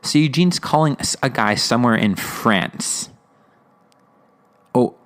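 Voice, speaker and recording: A man's voice: mid-range voice, expressive, takes it slowly, fairly bright tone. A man hosting a podcast, casually talking through an episode with lots of fillers and laughs. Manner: rambling, laughing, many fillers. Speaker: podcast host reviewing episodes.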